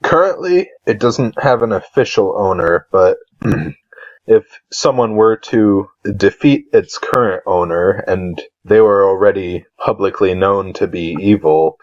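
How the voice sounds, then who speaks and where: A man running a tabletop game as game master, giving measured, halting rulings. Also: fairly low pitch. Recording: dull lo-fi mic.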